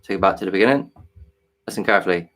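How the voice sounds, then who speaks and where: Low-voiced guy on a live stream, earnest, stops and restarts a lot while clicking around. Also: rapid-fire. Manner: earnest, hesitant, with restarts, explaining while working software. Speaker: livestream host.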